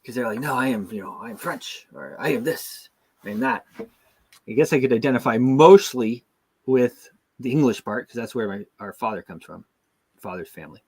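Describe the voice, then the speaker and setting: A middle-aged American man hosts a casual talk show, rambling with many restarts and fillers. His medium-pitched voice is expressive and husky, a little mellow, at a normal speed.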